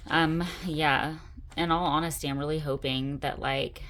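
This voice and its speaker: A woman's voice: deep voice, fairly even intonation, a little slow, a bit bright, slight background noise. A middle-aged woman hosting her own craft channel, chatting enthusiastically through a casual show-and-tell vlog.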